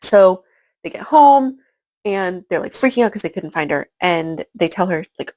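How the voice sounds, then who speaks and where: A woman's voice: on the low side, expressive, moderate pace, darkish tone, low-quality recording. Rambling woman recapping a book. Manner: rambling, filler-heavy retelling with frequent "like" and "um". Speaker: book reviewer. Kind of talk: casual chapter-by-chapter book recap.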